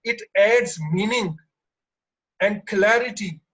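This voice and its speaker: A man teaching an online exam-prep lesson, explaining slowly with lots of fillers and restarts. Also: high voice, fairly bright tone, lo-fi sound. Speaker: English teacher.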